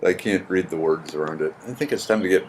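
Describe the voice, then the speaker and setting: A low-voiced man talks at a quick pace over slight background noise, hosting a casual live stream from home. Reading chat, he greets viewers by name and rambles with dry jokes, using his computer's built-in mic instead of his usual one.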